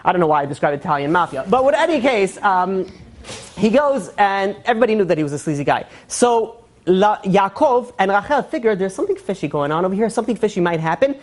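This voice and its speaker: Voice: medium pitch, very animated, fast. A religious teacher giving a casual Torah lesson, rambling with many fillers and joking asides.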